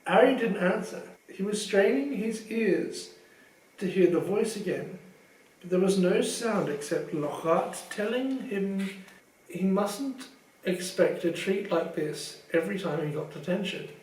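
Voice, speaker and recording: Slow, expressive male storyteller. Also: sits high, roomy sound, recorded from a distance, rough recording. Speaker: audiobook reader. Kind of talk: fan audiobook narration.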